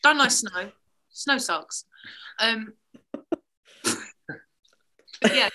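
A woman's voice: a little high, animated, extremely slow, bright, forceful tone. A woman from southern England, a guest musician, talking in a rambling, chatty way and laughing often. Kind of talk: casual chat.

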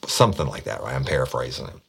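A police detective telling a story in a casual, blunt, profane way, often repeating words. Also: male voice, very deep voice, sing-song, rapid-fire, vocal fry, a bit bright, husky.

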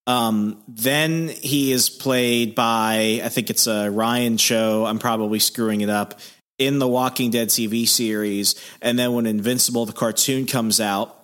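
An eager male co-host joins in with quick, offhand remarks. His voice sits in an ordinary middle register. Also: mid-range voice, steady tone, a bit bright. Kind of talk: casual chat.

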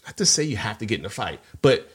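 A man's voice: fairly low pitch, fast. A middle-aged man co-hosting a podcast, telling a personal story in a casual way and acting out the people in it. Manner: animated storyteller, acts out quoted voices. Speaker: podcast co-host.

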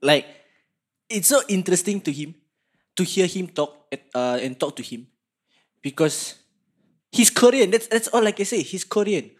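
A man's voice: high-pitched, lively intonation, moderate pace, pauses often, slightly rough. A young man with a Singaporean accent co-hosting a casual podcast, bantering crudely with local slang and frequent laughs. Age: young adult. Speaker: podcast co-host. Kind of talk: casual chat.

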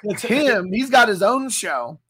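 Bright, lively-voiced man co-host. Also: high-pitched, unhurried, husky. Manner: laid-back, profane, laughs often. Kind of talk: casual podcast banter.

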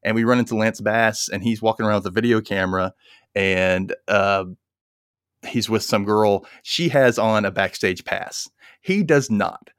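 A man's voice: lowish voice, moderate pace, smooth, no room sound, studio quality. A young adult man telling a story in casual chat, acting out the quoted voices and laughing as he goes. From Memphis area.

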